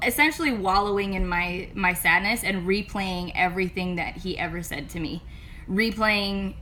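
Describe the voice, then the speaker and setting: Bright-voiced young woman opening up candidly. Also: medium pitch. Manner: candid and chatty, lots of "like" fillers. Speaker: singer-songwriter. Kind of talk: casual confessional vlog talk.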